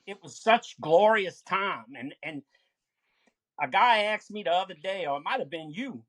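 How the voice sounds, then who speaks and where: A man, a podcast guest reminiscing about his childhood in a relaxed way. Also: high-pitched, moderate pace, dry recording. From Westbank of New Orleans. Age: 60s. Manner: relaxed reminiscing, many fillers. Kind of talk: casual interview chat.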